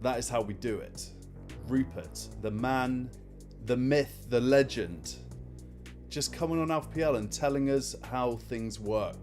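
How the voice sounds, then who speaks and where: A man's voice: mid-range voice, unhurried, a little mellow, faint music behind. A man from Scunthorpe with a posh southern English accent, hosting a fantasy football livestream in upbeat, chatty banter. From Scunthorpe, northern England. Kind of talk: casual live-stream chat.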